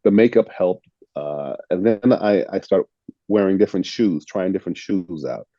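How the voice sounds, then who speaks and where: An older American-born man with a very deep, mellow voice recounts his career in a relaxed interview. He speaks reflectively and without hurry, often repeating a word as he restarts a thought. The sound is dull and lo-fi, and the room is dry. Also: normal speed, dry recording. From United States (Illinois). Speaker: actor, interview guest. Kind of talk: casual storytelling interview.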